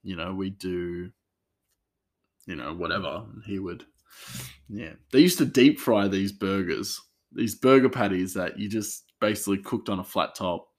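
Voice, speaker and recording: A man's voice: deep voice, moderate pace. A man, a chef, telling work stories in a rambling casual way with many fillers and restarts. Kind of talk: casual storytelling.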